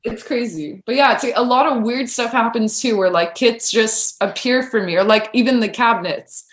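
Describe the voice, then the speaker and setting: A talkative woman guest on a podcast recounts her stories with animated energy, acting out the people in them. Her voice sits fairly high, and the room gives it a noticeable echo. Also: moderate pace. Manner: animated, chatty, acts out quoted remarks. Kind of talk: casual storytelling chat.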